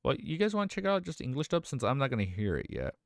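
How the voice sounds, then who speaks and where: A male streamer chatting excitedly and casually during a live reaction stream, swearing now and then. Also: mid-range voice, fast talker, creaky, no room sound, studio quality.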